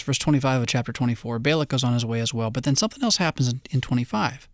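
A man preaching a sermon in a conversational way, with wry asides and quick digressions. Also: mid-range voice, dry recording, studio quality. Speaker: pastor.

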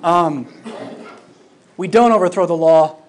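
A Bible teacher giving a classroom lecture, emphatic and lively, with informal asides. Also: medium pitch, takes it slowly. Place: classroom with a projected screen.

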